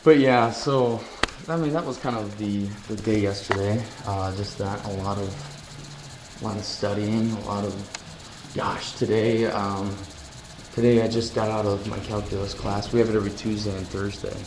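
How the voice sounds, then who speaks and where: A man's voice: on the low side, steady tone, normal speed, noisy background. A young man vlogging in a casual chat, telling rambling, upbeat stories full of fillers.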